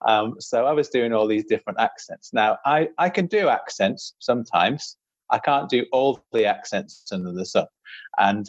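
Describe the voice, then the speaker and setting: A man's voice: lowish voice, dry recording. A British man, a guest author, chatting casually on a podcast in a rambling, self-deprecating way and laughing often. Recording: slightly dull, lo-fi sound.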